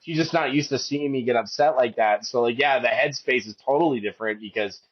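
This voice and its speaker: A man's voice: brisk, highs cut off. A man of about fifty, a podcast guest, telling a hike story with emotion, rambling through many restarts. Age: 50s. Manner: rambling, with many restarts, and raises his voice high to quote his wife.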